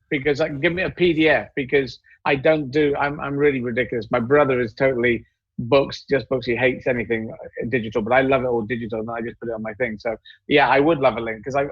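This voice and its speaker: A male comedian telling stories in a casual panel chat, rambling and halting as he goes. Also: mid-range voice, breathy edge, no echo, lo-fi sound.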